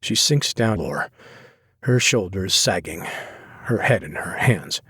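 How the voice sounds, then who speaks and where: Husky male audiobook narrator. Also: low voice, lively intonation, a little slow, a bit bright, dry recording, studio quality. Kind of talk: first-person romance audiobook narration.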